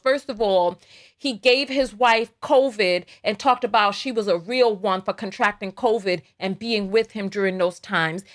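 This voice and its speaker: A woman's voice: mid-range voice, a bit bright. A woman with a New York accent hosts a livestream, talking bluntly and fiercely, swearing and stumbling into restarts as she rants. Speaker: livestream host. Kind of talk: ranting reaction livestream.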